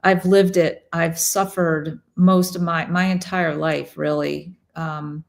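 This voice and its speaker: Reflective woman host, lowish voice. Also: flat delivery, slow pace, gravelly. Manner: reflective, many restarts and "you know". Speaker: host, doctor. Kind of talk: casual interview chat.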